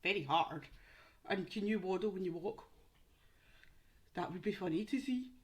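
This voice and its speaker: A woman's voice: lowish voice, normal speed. A young woman teaching young children through a home-learning quiz, with exaggerated questions and encouragement. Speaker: primary school teacher.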